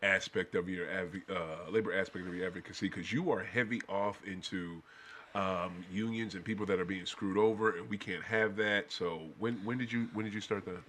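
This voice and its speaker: A man's voice: sits low, steady tone, moderate pace, fairly bright tone, a little hiss or hum. A man hosting a podcast in a casual, laid-back way, encouraging his guest with short agreements and slang. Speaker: podcast host. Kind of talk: casual conversational interview.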